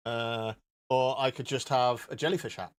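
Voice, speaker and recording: A man's voice: medium pitch, fairly even intonation, moderate pace, clear, resonant tone. Joking man streaming live. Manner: rambling, joking, swearing. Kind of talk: casual live-stream chat.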